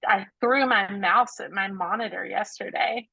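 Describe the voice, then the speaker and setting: Woman on a muffled video call, kinda halting, lots of ums, very dry sound. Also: mid-range voice, gravelly, bright, forceful tone, husky, no echo. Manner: hesitant, many fillers, candid. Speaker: participant in a coaching call.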